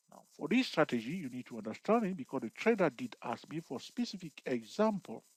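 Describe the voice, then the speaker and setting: A man's voice: medium pitch, no room sound, rough recording. A man with a mid-range voice teaching an investing lesson, recorded close and dry with no room sound. He explains step by step in loose, restarting phrases, and keeps checking in with his viewers with "okay?" and "all right?". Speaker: trading instructor. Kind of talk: explaining over a chart.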